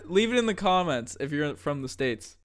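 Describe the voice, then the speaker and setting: A man hosting a casual sports podcast, upbeat and quick to agree with his co-host. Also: on the high side, sing-song, fairly bright tone, no room sound, clean studio sound. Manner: upbeat, brief agreeing replies.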